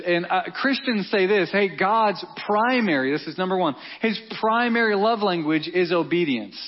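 A man preaching a sermon as pastor, talking to the congregation in an emphatic, conversational way and repeating key words. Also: high-pitched. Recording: dull lo-fi audio.

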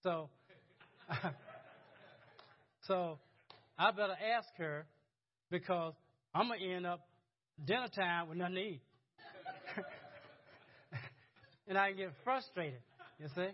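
A man's voice: sits high, slow, long pauses, lo-fi sound. A man preaching a sermon in a conversational, chuckling way, often repeating words as he goes. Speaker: pastor.

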